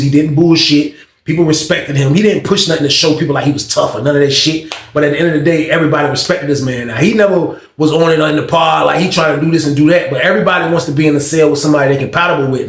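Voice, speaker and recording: A man telling a story in a casual, slangy, animated way, acting out the quotes. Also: a little high. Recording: echoey room.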